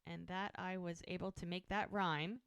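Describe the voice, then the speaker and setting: A podcast co-host with vocal fry and a clear, resonant tone recaps an episode in casual conversation. She's animated, acting out lines with quick pitch shifts. The sound is clean studio quality, with no room sound.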